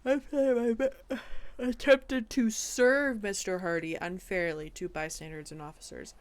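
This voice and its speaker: A woman's voice: mid-range voice, steady tone, measured pace. A woman streamer casually reading documents aloud, breaking off with incredulous asides.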